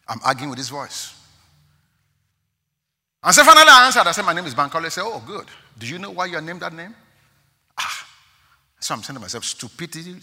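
A man preaching a sermon as a pastor, animated and exclaiming as he tells stories, often laughing. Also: mid-range voice. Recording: long hall reverb.

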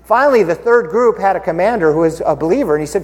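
A man's voice: high voice, expressive, quick pace, hardly any pauses, big-room sound. A man preaching a casual, conversational sermon, playful and full of rhetorical questions, acting out the characters as he retells Bible stories.

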